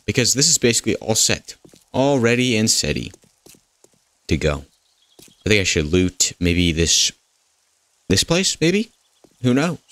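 A gaming host with a low, slightly bright voice casually narrates his gameplay. His goofy commentary is full of jokes and rambling, and he talks back to the game's characters.

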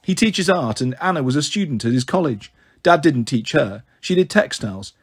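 A man's voice: fairly high pitch, expressive, normal speed, creaky, slightly rough. A man reading a first-person novel aloud in a wry, sulky narrating manner. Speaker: audiobook reader.

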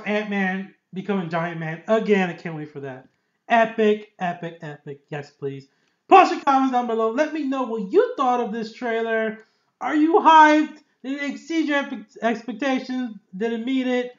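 A vlogger giving excited reaction commentary on a film trailer, effusive and prone to loud outbursts. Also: mid-range voice, dull audio. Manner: effusive, loud outbursts and laughter between slower musings. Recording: roomy echo.

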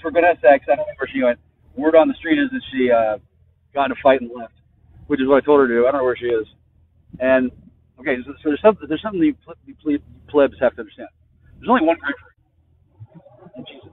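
A man's voice: medium pitch, husky. A man rambling in a profane, agitated way while riding a motorcycle, talking into a headset mic. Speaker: vlogger. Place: outdoors on a motorcycle in traffic. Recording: tinny phone-like headset audio with faint vehicle noise.

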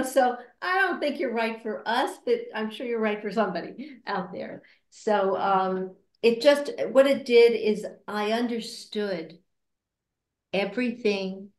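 A woman being interviewed about her work at a cancer support center, speaking earnestly and reflectively, with many hesitations and restarts, and acting out quoted remarks in a higher voice. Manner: acts out quoted remarks with raised pitch. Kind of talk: casual interview conversation. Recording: roomy echo.

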